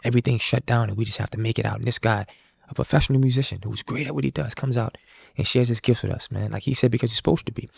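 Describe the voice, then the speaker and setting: A young man from New Orleans, a guest musician, telling a story in a casual, animated way. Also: mid-range voice, very fast, gravelly, slightly rough, no room sound, clean studio sound. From New Orleans, USA. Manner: animated, acts out quoted voices.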